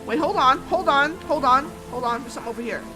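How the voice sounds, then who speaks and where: A young woman gamer delivers let's-play commentary over music, chatty and giggly, with self-mocking asides. Her fairly high voice is expressive and swings a lot in pitch, and she talks at a quick pace.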